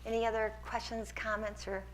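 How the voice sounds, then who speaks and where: A woman's voice: a little high, level tone, a little fast, slight background noise. A woman lecturer taking questions from a hall audience, earnest and encouraging as she answers. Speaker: guest lecturer.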